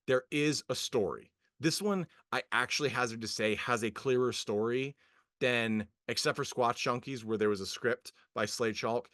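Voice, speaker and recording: A male podcast co-host rambles through a film review in loose, chatty talk. He is full of ums and restarts, and he is often amused. His voice sits at a middle pitch and sounds close and dry. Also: moderate pace, no echo. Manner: rambling, hesitant, many fillers and restarts; animated, amused, laughing often. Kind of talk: casual film review chat.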